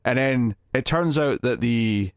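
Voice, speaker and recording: A man hosting a casual movie podcast, chatty and animated, often laughing. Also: mid-range voice, a little slow, clear, resonant tone, no echo, clean studio sound. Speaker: podcast host.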